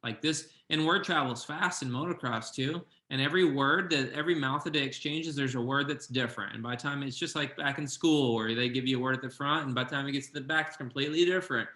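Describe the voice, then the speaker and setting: A man hosting a casual interview, talking in a relaxed, sympathetic way. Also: medium pitch, fast, few pauses, roomy sound. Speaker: motocross coach and host.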